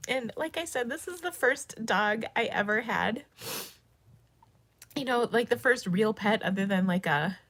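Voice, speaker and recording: A middle-aged woman hosting a casual live stream, tearful and crying on and off, talking haltingly with many restarts and soft laughs. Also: fairly high pitch, animated. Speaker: host of a craft live stream. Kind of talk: casual livestream chat.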